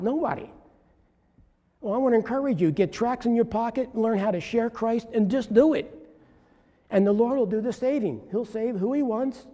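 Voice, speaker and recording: A man delivers a sermon with earnest storytelling that builds into fervent exhortation. His voice sits high but sounds warm and mellow. The sound rings in a large hall with a long reverb tail. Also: normal speed. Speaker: preacher. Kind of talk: sermon testimony.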